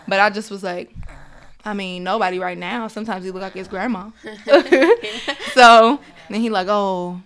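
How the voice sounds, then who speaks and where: Animated young mother telling her story. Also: mid-range voice, a little slow. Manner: animated, acts out quoted dialogue, laughs often. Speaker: interview guest, mother. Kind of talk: emotional personal storytelling.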